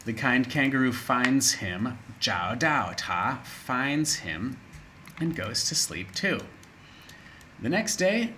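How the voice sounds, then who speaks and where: A man's voice: medium pitch, a little hiss or hum. A man teaching English to children, reading a story aloud and explaining words along the way. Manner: explains words slowly, expressive.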